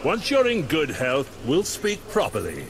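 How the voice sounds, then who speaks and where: An actor playing a kindly ghostly pirate lord in a video game, guiding a newcomer in an encouraging storytelling way. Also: male voice, fairly high pitch, measured pace, exaggerated voice. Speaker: game character. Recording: game audio with steady noise.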